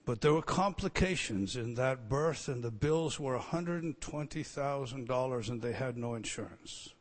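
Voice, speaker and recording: A man preaching a sermon, swinging between loud emphatic teaching and quiet storytelling. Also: medium pitch, lively intonation, normal speed. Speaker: pastor. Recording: long reverb hall.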